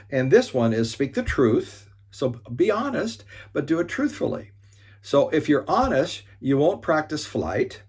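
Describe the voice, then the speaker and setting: A man giving an earnest motivational talk on resolving conflict. He leans on key points by slowing down and often restarts his sentences. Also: medium pitch, a little mellow, slightly rough.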